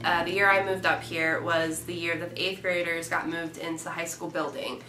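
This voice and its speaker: A young woman with a drawl telling a high school story in casual vlog style, acting out the quoted lines. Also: flat delivery, fairly quick. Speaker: vlog co-host. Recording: echoey room with faint noise.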